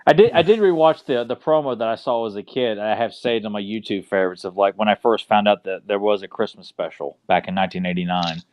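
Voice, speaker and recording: A man's voice: lowish voice, quick pace, hardly any pauses, lo-fi sound. A man co-hosting a podcast in casual chat, teasing and rambling with crude jokes. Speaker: podcast co-host.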